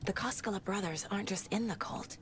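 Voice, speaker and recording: A woman voicing a terse investigator in a video game, heard quietly under the stream. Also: medium pitch, fairly quick, slightly rough. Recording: faint game audio from far off.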